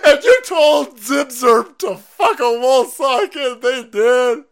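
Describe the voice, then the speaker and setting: Man voicing a high, wailing, whiny grown-up, loud and shrieking. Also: takes it slowly, gravelly, exaggerated voice. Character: shrieking upset adult leftist, man's mock-up.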